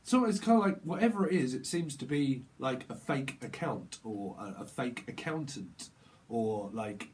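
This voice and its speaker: A man giving a casual, rambling tarot reading, breaking into quick acted-out exchanges full of slang. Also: medium pitch, expressive, a little mellow, slight background noise, poor audio. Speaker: tarot reader.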